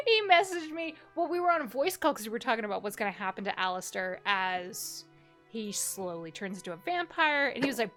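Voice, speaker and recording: A woman chats loosely at the end of a live stream, quick to laugh and swear. Her voice sits high and bright. Faint music plays in the background. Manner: chatty and excitable, laughs often, swears casually. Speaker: streamer and game master. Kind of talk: casual stream sign-off chat.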